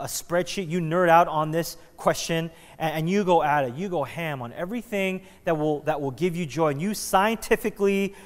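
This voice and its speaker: Pastor, male, slightly high voice, chatty joking sermon delivery, long church-hall reverb. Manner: casual, joking, conversational preaching with frequent restarts. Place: church sanctuary.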